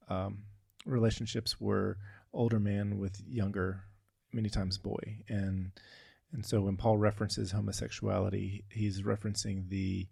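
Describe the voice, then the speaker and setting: A man's voice: on the low side, vocal fry, a little mellow, husky, dry recording, studio quality. A man co-hosting a casual podcast chat, thoughtful and searching for his words. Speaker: podcast co-host.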